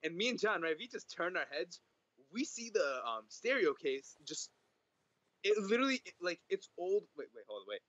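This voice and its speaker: A man's voice: high voice, very animated, moderate pace, a bit bright. A young man chatting casually on a podcast, telling a story earnestly and insisting on his point, repeating himself. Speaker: podcast co-host. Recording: dull lo-fi mic.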